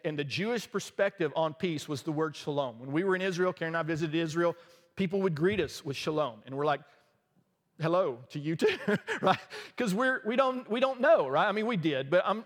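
A man preaching a sermon in a casual, joking, conversational way, with quick asides to the congregation. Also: a little high, big-room sound. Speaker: pastor.

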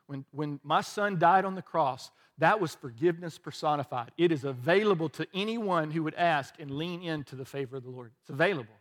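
A man's voice: a little high, brisk, fairly bright tone. A male pastor preaching a conversational sermon, candid and self-deprecating, with frequent restarts.

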